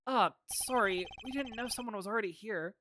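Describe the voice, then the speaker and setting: A woman's voice: a little high, a little fast, fairly bright tone, slight background noise, lightly acted. A woman voicing an earnest, slightly nervous young male lawyer in a game.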